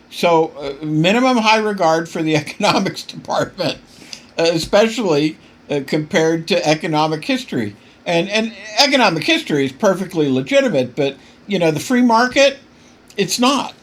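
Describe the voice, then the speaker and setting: A man hosting a political podcast, delivering impassioned commentary that keeps getting worked up, with frequent stumbles and repeated words. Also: high voice. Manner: emphatic, gets worked up.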